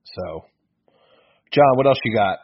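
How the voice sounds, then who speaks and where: Low-voiced man on a dull lo-fi podcast. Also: slow, slightly rough. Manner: rambling, self-correcting, excitable. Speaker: podcast co-host. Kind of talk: casual sports podcast chat.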